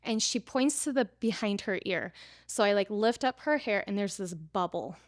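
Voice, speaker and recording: A woman's voice: mid-range voice, lively intonation, normal speed, no echo, clean studio sound. A woman in her thirties, a preparedness teacher and interview guest, telling her story casually with lots of "like" fillers.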